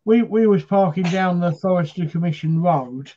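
A man's voice: high-pitched, moderate pace, dark tone, muffled recording. A man from Britain hosting a paranormal chat show, telling stories in a rambling, casual way with lots of fillers.

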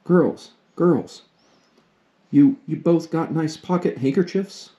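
A man's voice: on the low side, lively intonation, fast talker, warm tone, muffled recording. A man voicing Mrs. March, an affectionate mother fussing over her daughters, in a storybook read-aloud.

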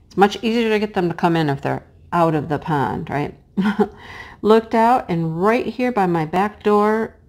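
Middle-aged female crafter, hoarse and cracking, chatty and homey, talks slowly while she works. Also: medium pitch. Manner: chatty and homey, drops to a hush while placing pieces. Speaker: crafting vlogger and teacher. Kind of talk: casual chat while diamond painting.

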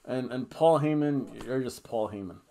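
Man, wrestling review podcast, rambling, jokey, a bit tipsy, mid-pitched voice. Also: normal speed, gravelly, dark tone. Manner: jokey, rambling, breaks into goofy singing and chants.

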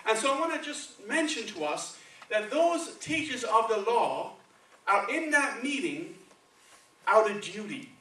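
A man's voice: high-pitched, very animated, measured pace, sharp tone. A man with a Spanish accent preaching a sermon in a conversational way, often checking in with the congregation with "okay" and "right". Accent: Spanish-accented English. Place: church sanctuary. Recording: echoey church, from far off.

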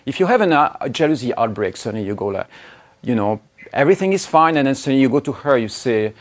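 A man's voice: medium pitch, very animated, fast. A man giving blunt relationship coaching straight to camera, cursing and speaking with strong emphasis. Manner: blunt, emphatic, swears freely, acts out angry quotes. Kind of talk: direct-to-camera coaching talk.

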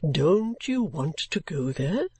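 Brusque, grumbling old gentleman, low and curt, put on by a woman narrator. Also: very animated, slow, husky, no echo, heavily acted. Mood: gruff. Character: gruff, brusque muttering older gentleman.

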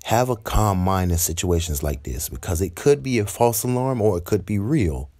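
A man's voice: low-pitched, animated, normal speed, darkish tone. A man voicing a stern young male class leader who lectures bossily. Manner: lecturing, bossy.

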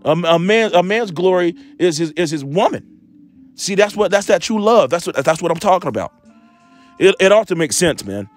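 A man preaching an informal, rambling sermon, swearing often, tacking "man" onto his lines and slowing right down to read scripture aloud. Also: high voice, animated, soft background music. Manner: rambling, profane, confrontational, repeats "man"; reads scripture slowly and deliberately. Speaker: street preacher.

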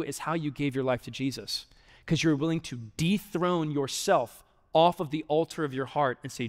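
A young adult male pastor giving an earnest, conversational sermon that drops quiet for emphasis. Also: a little high, normal speed. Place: large church auditorium. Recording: long hall reverb.

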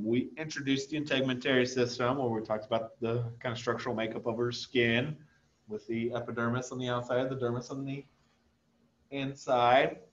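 A man's voice: mid-range voice, highs cut off. Casual man lecturing over slides. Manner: conversational, frequent "okay?" checks. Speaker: anatomy instructor.

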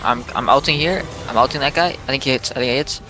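A man calling out plays while gaming, reacting quickly and repeating himself in the heat of the moment. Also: medium pitch, bright, forceful tone. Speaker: gaming streamer. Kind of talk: excited gameplay chat.

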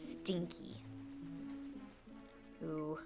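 A woman's voice: sits low, flat delivery, extremely slow, vocal fry, loud music behind the voice. A woman streamer chatting casually through a game, chatty and exclamatory with frequent giggles.

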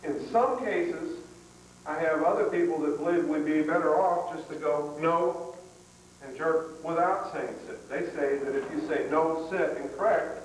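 A man's voice: a little high, moderate pace, a little hiss or hum. Man, seminar instructor, folksy and plain-spoken, raised voice, distant mic, very echoey room, old tape. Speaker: dog training seminar instructor. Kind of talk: live seminar talk. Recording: echoey hall, far from mic, 1990s tape.

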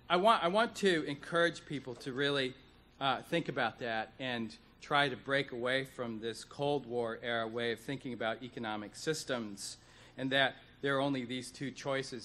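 A man giving an earnest, deliberate speech at a conference, stressing points with repetition. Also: mid-range voice, fairly bright tone. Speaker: economist speaker. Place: conference hall.

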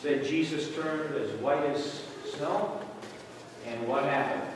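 A man's voice: fairly high pitch, slow pace. A man, a pastor, preaching a sermon and asking his congregation questions as he dramatizes the story. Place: church hall. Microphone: camera microphone. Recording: echoey hall from far off, faint noise.

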